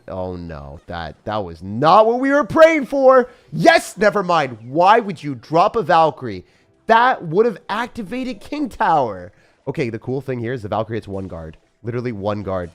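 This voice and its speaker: A man giving live gameplay commentary as a streamer, casual and jokey, with sudden loud excited outbursts. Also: on the low side. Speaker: game streamer.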